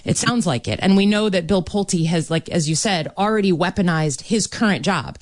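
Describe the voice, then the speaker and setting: A woman with a notably low voice speaks as a senator in a political interview. She is measured and earnest, pausing on ums now and then. The sound is dry and close. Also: a little mellow, no echo. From Michigan.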